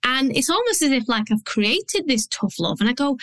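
A Yorkshire woman talks straight to her podcast listeners, blunt and down to earth, with a fairly high voice. The sound is dry and close, with no room around it. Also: very animated, moderate pace, hardly any pauses, a bit bright, no echo, poor audio. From Yorkshire, England. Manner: blunt, down-to-earth, chatty with mild swearing. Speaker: business coach and podcast host. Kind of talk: solo podcast monologue.

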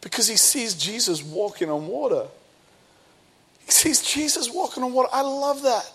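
A man in his thirties, a pastor preaching a sermon and telling a personal story with lively bursts of speed and emphasis. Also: very high voice, moderate pace, breathy edge.

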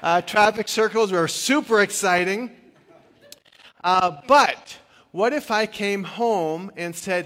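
A man's voice: high-pitched, fairly even intonation, moderate pace, fairly bright tone. An older man, a retired pastor, preaching a sermon in a chatty storytelling way with self-deprecating humor and plenty of "uh" fillers. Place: church sanctuary. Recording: long reverb of a church hall.

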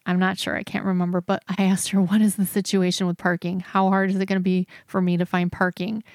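A woman hosting a podcast, telling a personal story in an animated, self-deprecating way, talking closely into the mic. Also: lowish voice, fast talker, dry recording, clean studio sound. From United States. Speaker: podcast host.

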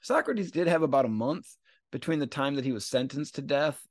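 A man's voice: mid-range voice, expressive, a little fast, no room sound, clean studio sound. A man hosting a podcast, retelling a story in a casual, slangy way and acting out quotes as he goes. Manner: slangy, conversational, acts out quotes. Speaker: podcast host.

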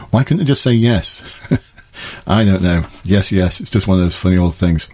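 A middle-aged ex-police officer with a low, darkish voice speaks unhurriedly while hosting a podcast from his garden summer house. He chats casually, offering advice and laughing at his own jokes.

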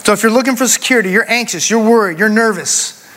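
A man's voice: sits high, fast talker, a bit bright. A man in his forties preaching a sermon, telling a personal story with emphasis and calling the congregation "y'all". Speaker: pastor. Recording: long hall reverb.

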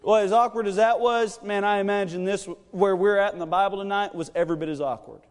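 A man with a bright, high voice delivers a sermon. He talks in a rambling, joking way. His words echo around a large church hall. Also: quick pace. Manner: chatty and joking, many fillers. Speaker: pastor. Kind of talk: sermon with personal storytelling. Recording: long reverb of a church hall.

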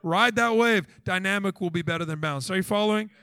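A man in his thirties delivering a sermon with a fairly high voice. He jumps between earnest counsel and playful mini-scenes of couples talking, asking the crowd question after question. The recording is dry and close, with little room sound. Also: fast, no room sound. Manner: animated, acts out quoted voices, rhetorical questions. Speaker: pastor.

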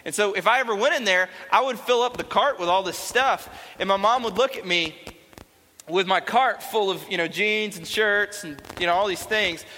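A man's voice: high voice, moderate pace, bright, forceful tone, slight background noise. A young man giving a playful, chatty youth talk to a live audience in a large hall. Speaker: youth speaker.

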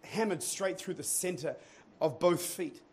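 A male pastor delivers a sermon in a church. His voice sits fairly high for a man. He moves from calm, hushed passages to booming, shouted exhortation. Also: measured pace, slight background noise. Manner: builds from quiet teaching to shouted preaching. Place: church auditorium.

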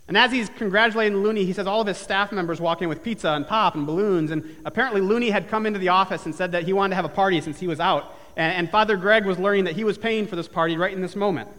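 A man's voice: high voice, racing, hardly any pauses, a bit bright, big-room sound. A man preaching a sermon in church, telling a story earnestly and building to emphatic repeated phrases. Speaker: pastor. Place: church sanctuary with live and online congregation.

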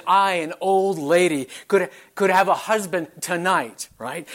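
Pleading old widow, high and pressing, put on by a male preacher. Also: fairly bright tone. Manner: pleading, exasperated. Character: grieving older woman pleading with daughters.

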